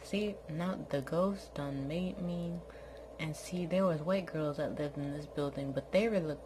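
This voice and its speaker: A woman's voice: moderate pace, noisy background. A woman ranting in a casual, exasperated and sarcastic way to her viewers from home. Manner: exasperated, sarcastic, mocks others in high put-on voices. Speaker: vlogger. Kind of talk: casual rant to camera. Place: at home, lying in bed.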